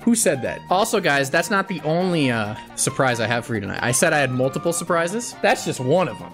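A man's voice: a little high, big pitch swings, fairly quick, hardly any pauses, fairly bright tone, faint music behind. A man streaming a video game live, joking around playfully and laughing a lot as he comments. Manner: playful, goofy, bursts of laughter; mock-threatening jokes. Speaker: gaming streamer.

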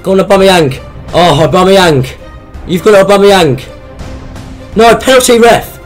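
A man with a hoarse, damaged voice, giving excited, sweary commentary on his own football video game match and yelling at goals. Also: high-pitched, unhurried, soft background music. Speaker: gaming YouTuber.

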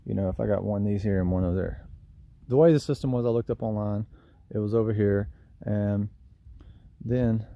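Here the same Southern lawn care business owner rambles folksily at his own expense while working on a DIY project beside his trailer, caught on a camera mic for a casual how-to vlog. He speaks quickly in a gravelly, mellow voice on the low side with fairly even intonation. The recording is dry and dull.

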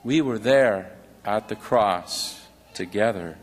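A man reading the lines of a tender, motherly female God figure softly and gently. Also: fairly low pitch, slow pace, big-room sound, pitched below the performer's own voice.

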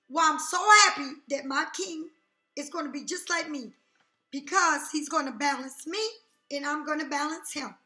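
A woman with a bright, high voice gives an emphatic tarot reading. She keeps repeating phrases and checking in with her listener. Her voice rings in an echoey room with soft music under it. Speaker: tarot reader. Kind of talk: casual tarot reading to camera.

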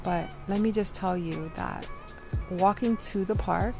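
A young woman vlogger chatting casually and softly, drained and out of breath, full of "like"s. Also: mid-range voice, unhurried, vocal fry. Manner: soft, tired, filler-heavy talk. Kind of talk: casual vlog chat. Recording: music playing behind.

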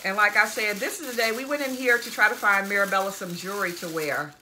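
Fast-talking in a mid-range voice with a sharp tone, a middle-aged fashion vlogger chats casually about her shopping haul over slight background noise. Enthusiastic and chatty, she addresses viewers as y'all and guys.

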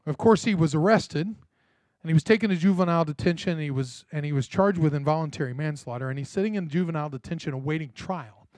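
A pastor delivers his sermon in a friendly, storytelling way and keeps turning to his listeners for a reply. He is a man whose voice sits a bit higher than most, and it is heard close and dry. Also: fast talker, a little mellow, dry recording. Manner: conversational storytelling, checks in with the congregation. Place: church.

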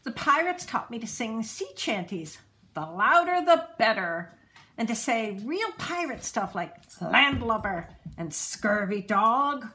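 A woman reads a children's storybook aloud in a slow, unhurried way. Her voice is bright and fairly high, and it rises and falls a great deal as she tells the story. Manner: expressive, unhurried read-aloud.

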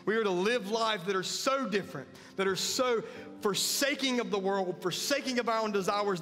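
In a church sanctuary, a pastor preaches an earnest sermon that builds to emphatic peaks. His voice sits high and is a bit bright, at a moderate pace. The recording carries church hall reverb with faint music.

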